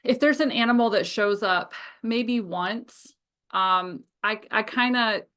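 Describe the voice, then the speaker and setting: A woman hosting a podcast, asking questions with pauses while she searches for words. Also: mid-range voice, fairly bright tone. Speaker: podcast host. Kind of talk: interview questions.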